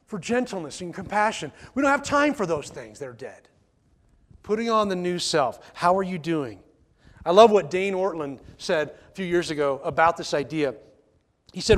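A man preaching a sermon in church, emphatic, repeating key phrases and asking the congregation rhetorical questions. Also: high voice. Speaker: pastor.

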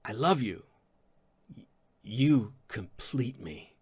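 A man's voice: medium pitch, expressive, drawn-out words, slightly rough, dry recording, full character voice. A man playing a desperate sports agent pleading earnestly for a woman's love.

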